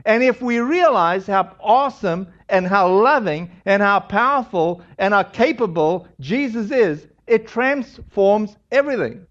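A man's voice: high voice, lively intonation, unhurried, few pauses, fairly bright tone, dull audio. A man preaching a sermon in a casual, chatty way, retelling a scripture passage with frequent asides. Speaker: pastor. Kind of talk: conversational sermon.

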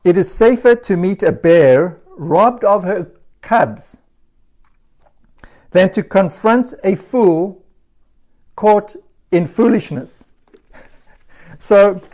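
A man with a slightly high voice delivers a sermon in an easy, conversational way. He tells stories and laughs now and then. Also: extremely slow, long pauses, darkish tone. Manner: casual storytelling with laughs.

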